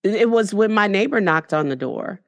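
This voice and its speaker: A woman's voice: mid-range voice, lively intonation, fairly quick. A middle-aged woman, an entrepreneur, talking candidly and earnestly about her life in an interview, often saying "you know". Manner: earnest, faith-filled storytelling with frequent "you know". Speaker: entrepreneur guest.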